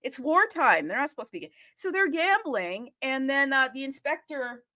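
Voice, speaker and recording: A woman hosting a live audio chat room, talking excitedly and casually, often addressing listeners as "people" and checking in with "okay?". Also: sits high, normal speed. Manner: animated, chatty, keeps asking "okay?" and addressing "people".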